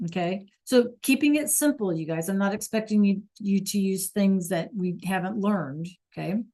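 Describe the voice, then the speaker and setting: A woman's voice: mid-range voice, normal speed, mellow. A woman teaching a beginner Spanish class, praising students by name and checking that they follow along. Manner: encouraging, repeats praise and checks understanding.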